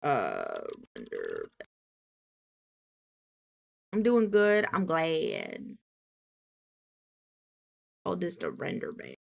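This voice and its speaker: A woman's voice: deep voice, huge pitch swings, very slow, gravelly, pauses often. A woman streamer chatting casually while she works, goofy and playful, teasing and swearing freely. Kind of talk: casual live-stream chat while working.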